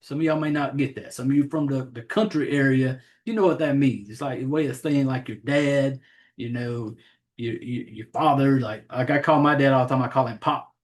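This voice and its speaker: An adult man from the Southern United States, who has a child, hosts a horror podcast in a mid-range voice at normal speed. He rambles, swears, and pokes fun at himself about names during casual chat.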